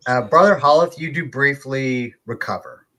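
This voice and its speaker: A man narrating a tabletop game as game master, relaxed, with filler words and chuckles. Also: medium pitch, moderate pace. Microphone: online stream call.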